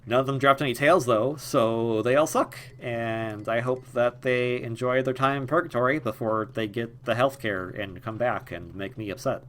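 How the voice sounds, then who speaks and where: A man's voice: medium pitch, steady tone, normal speed, few pauses, fairly bright tone. A man giving casual, rambling commentary over a video game, joking and drifting into tangents and mumbled asides. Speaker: gaming video host. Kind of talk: casual let's-play commentary.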